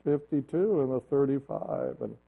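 A man voicing a matter-of-fact male state patrol officer in a flat, businesslike tone, a little lower and quieter than his own voice. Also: normal speed, creaky. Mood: curt. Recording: tinny phone-like lo-fi audio.

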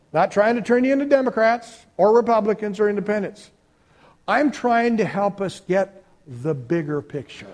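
A male pastor preaching a sermon, emphatic and swinging between loud exclamations and quiet asides. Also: high voice.

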